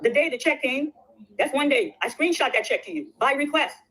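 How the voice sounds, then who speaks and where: A woman telling her side of a settlement story, rushing excitedly and repeating phrases. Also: high-pitched, poor audio. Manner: rapid and excitable, repeats herself. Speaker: guest recounting a legal settlement. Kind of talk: casual storytelling on a stream.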